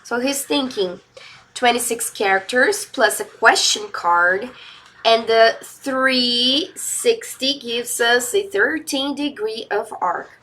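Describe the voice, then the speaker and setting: A woman's voice: fairly high pitch, takes it slowly, sharp tone. A woman with a Brazilian accent teaching English in a live lesson, explaining patiently step by step and switching into Portuguese.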